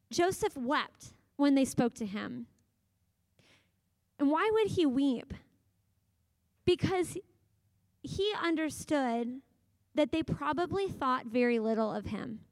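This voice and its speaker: A woman in her thirties giving a sermon in a conversational, animated storytelling manner, acting out quotes from her family. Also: high-pitched, no echo. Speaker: pastor.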